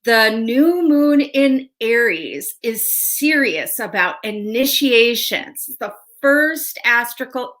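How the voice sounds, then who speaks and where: A woman's voice: on the high side, animated, slow, hardly any pauses, fairly bright tone. A woman hosting a casual livestream tarot show, chatty and friendly with viewers, laughing often and a little stuffy from a sinus cold. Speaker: host and tarot reader.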